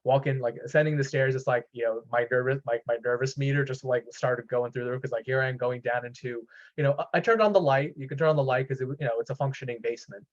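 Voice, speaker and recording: A man's voice: medium pitch, steady tone, quick pace. A man telling a personal paranormal story in casual chat, rambling with many fillers and restarts. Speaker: podcast host. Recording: dull lo-fi sound.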